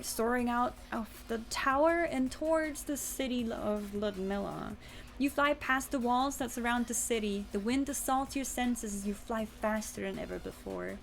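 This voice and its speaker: Young woman streamer, fry-heavy voice, casual and chatty, reads a story game aloud. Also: fairly high pitch. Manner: chatty, swears casually, talks to chat and her cat. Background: faint music.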